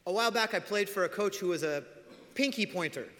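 Male pastor, lively preaching style with soft emphatic drops, reverb of a large sanctuary. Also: sits high, a little fast. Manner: animated storytelling, acts out voices, drops to soft emphasis. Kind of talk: sermon. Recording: long hall reverb.

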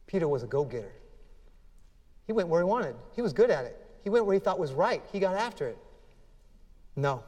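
A man's voice: a little high, sing-song, moderate pace, long pauses, darkish tone, long reverb tail. A man preaching a sermon as pastor, earnest and emphatic, acting out scripture dialogue with feeling.

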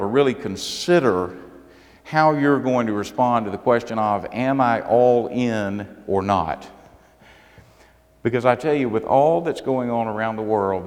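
A middle-aged man with a Southern drawl gives an earnest, folksy sermon as a guest speaker. His voice sits a little low and carries a long hall reverb around it, as in a large church sanctuary. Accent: Southern American. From South Carolina.

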